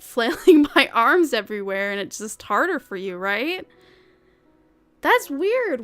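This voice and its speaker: A young woman streams a cleaning game while chatting casually, rambling, stumbling over words and laughing often. Her voice is fairly high and a bit bright.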